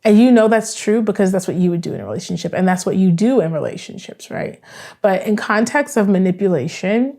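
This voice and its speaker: Mellow-voiced woman talking through relationships. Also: mid-range voice, lively intonation, a little fast. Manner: chatty, acts out both sides of dialogues; keeps checking in with "right?". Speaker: therapist. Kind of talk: conversational explainer monologue.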